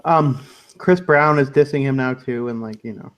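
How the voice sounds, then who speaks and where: A man's voice: medium pitch, normal speed. A man hosting a casual online radio chat, loose and laughing, often trailing off into mumbles. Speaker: podcast host.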